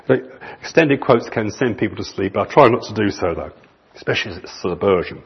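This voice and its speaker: A man preaching a sermon in an earnest manner, stretching key phrases slowly for emphasis. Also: on the low side, animated, slightly rough. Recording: muffled lo-fi recording.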